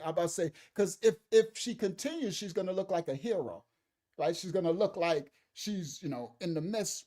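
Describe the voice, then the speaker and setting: A speaker giving casual livestream commentary on video clips, animated, laughing often and talking back to the chat. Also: mid-range voice.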